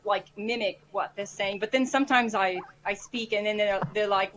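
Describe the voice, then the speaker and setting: A woman's voice: medium pitch, steady tone, normal speed, fairly bright tone, a little hiss or hum, poor audio. A woman, a guest singer, chatting casually and giggling, with lots of "like" fillers. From United States. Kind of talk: casual chat on a live stream.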